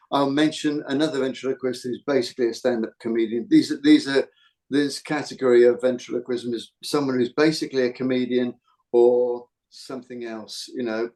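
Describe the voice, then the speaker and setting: A man's voice: mid-range voice, dark tone. A man from the UK hosting a podcast, chatting casually and rambling with frequent restarts. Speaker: podcast host. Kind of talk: casual chat.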